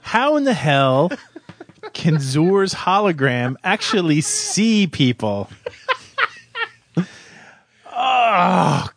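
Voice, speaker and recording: A man's voice: a little high, sing-song, slow pace. A man co-hosting a comedy podcast, ranting in exasperation over his gripes. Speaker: podcast co-host. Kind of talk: comedic rant about a film.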